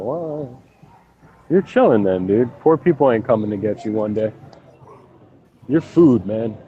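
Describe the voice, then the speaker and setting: A man's voice: mid-range voice, sing-song, slow pace, pauses often, warm tone, muffled recording, a little hiss or hum. A man in casual gaming voice chat, rambling and joking with plenty of swearing. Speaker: gaming lobby regular.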